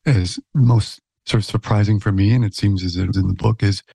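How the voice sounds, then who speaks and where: A man's voice: on the low side, fairly even intonation, brisk, gravelly, warm tone, breathy edge, dry recording. A man co-hosting a podcast, asking long, conversational interview questions. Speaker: podcast co-host.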